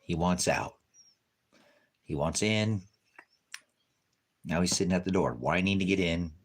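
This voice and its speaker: A preacher man with a very low, deep voice talks casually to his viewers from home on a farm. He rambles from one thought to the next and slips into fond baby talk with his cat. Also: measured pace, husky. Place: farmhouse.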